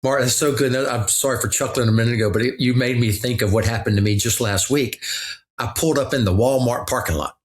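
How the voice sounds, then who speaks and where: A man's voice: medium pitch, fast talker. A middle-aged man, a pastor guest on a podcast, talking earnestly and reflectively, often restarting his sentences. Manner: earnest storytelling with frequent restarts. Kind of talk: reflective conversation.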